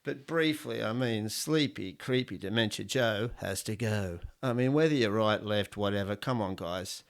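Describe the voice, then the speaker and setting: A middle-aged Australian host rambles through a casual solo podcast, cracking crude jokes, giving opinions and swearing freely. His voice is on the low side and he talks at normal speed.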